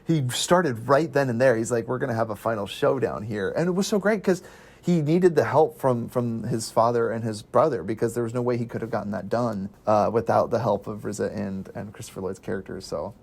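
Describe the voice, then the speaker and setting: A young man hosting a casual movie podcast, talking excitedly with lots of fillers. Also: medium pitch, brisk, gravelly. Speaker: movie review podcast host.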